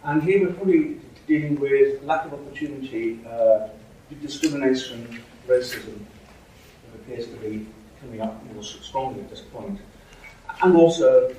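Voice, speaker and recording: Man lecturer, mid-pitched, pausing and restarting, faint room hum behind. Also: dark tone. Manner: hesitant, many fillers and restarts. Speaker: university lecturer. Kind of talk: academic lecture. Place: lecture hall. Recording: echoey hall from far off.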